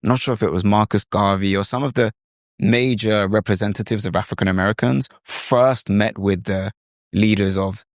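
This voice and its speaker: A man hosts a podcast conversation in a low, steady voice. He speaks thoughtfully, pausing with fillers as he searches for words. The sound is dry and close, with no room echo.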